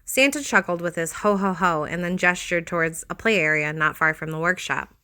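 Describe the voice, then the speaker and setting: A woman giving a steady, expressive scripted reading of a horror story. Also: fairly low pitch, a little fast, clear, resonant tone.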